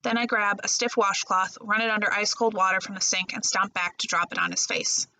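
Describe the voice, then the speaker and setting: A woman librarian reading a first-person novel chapter aloud in a steady storytelling voice. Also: mid-range voice, brisk, a little hiss or hum, rough recording. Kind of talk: audiobook-style novel reading.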